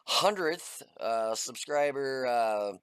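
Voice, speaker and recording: A man's voice: mid-range voice, lively intonation, takes it slowly, fairly bright tone, smooth, no echo. A middle-aged man casually talking through a replay of his tank game, chatty and folksy with lots of "uh" fillers. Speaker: gaming channel host. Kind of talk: casual gameplay commentary.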